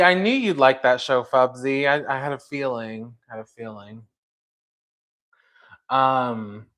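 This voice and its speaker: Slow, rambling male livestream host. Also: mid-range voice, fairly bright tone. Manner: rambling recap full of "like" and "um", speaking directly to a viewer in chat. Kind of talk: casual livestream chat.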